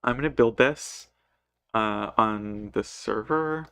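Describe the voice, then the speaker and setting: A man's voice: on the low side, slow pace, gravelly, a bit bright, clear, resonant tone, dry recording, clean studio sound. A man working through code while thinking aloud, hesitant and self-correcting, muttering to himself and sounding sleepy. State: sleepy, yawning. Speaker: programmer live coding.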